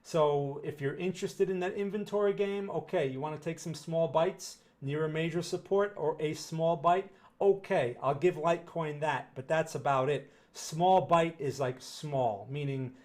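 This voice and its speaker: A man's voice: on the high side, normal speed, few pauses, darkish tone. A man as market analyst, talking through charts and answering chat questions in a loose, conversational way, often repeating phrases for emphasis. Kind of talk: casual livestream market commentary.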